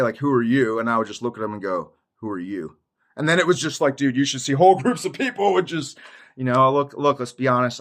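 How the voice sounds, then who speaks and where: A man with a medium-pitched, fairly bright voice gives his Christian testimony as a YouTuber. He rambles casually to his viewers in slangy speech, often saying "dude" and laughing mid-sentence.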